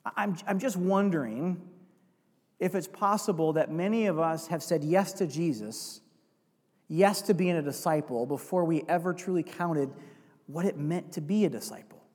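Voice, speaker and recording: A man preaching a sermon, building to emphatic runs and dropping to quiet confessional asides, and reading scripture aloud. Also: on the high side, moderate pace. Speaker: pastor. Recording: long hall reverb.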